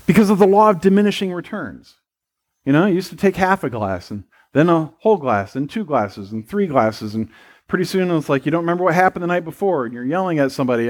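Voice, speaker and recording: A middle-aged man preaches a sermon in a loose, conversational way. His voice sits fairly high and swings widely in pitch. He slips into playful quoted voices as he makes his points. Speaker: pastor.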